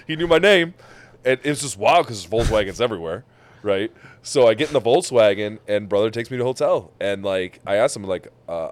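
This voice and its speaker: Speaking a little fast in a lowish voice, a man hosting a podcast recounts a trip in casual conversation. He's an animated storyteller who curses and imitates the people he encountered.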